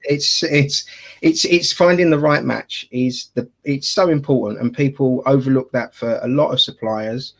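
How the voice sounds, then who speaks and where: A man's voice: medium pitch, steady tone, moderate pace, vocal fry. A man with an Essex accent, chatting casually as a wedding photographer and podcast co-host, jokey and full of fillers and restarts. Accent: Essex English.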